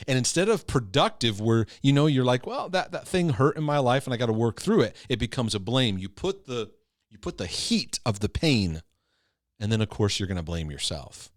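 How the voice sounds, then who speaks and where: A man teaches with a lively, swooping voice, hammering home key phrases and often checking in with "right?" and "okay?". He sounds close and dry, with no room sound around him. His delivery is earnest and emphatic, as in a recorded Christian teaching. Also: medium pitch, moderate pace, no room sound. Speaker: Christian teacher and former pastor. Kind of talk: teaching talk to camera.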